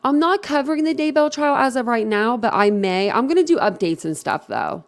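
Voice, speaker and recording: A woman's voice: fairly high pitch, expressive, fairly quick. A woman from Philadelphia chatting casually on a live stream, rambling and outspoken with her viewers. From Philadelphia, USA.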